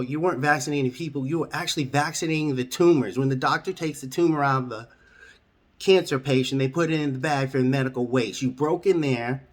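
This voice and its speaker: A man telling an absurd comic story straight, in a matter-of-fact, deadpan way. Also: fairly high pitch. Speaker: storyteller host.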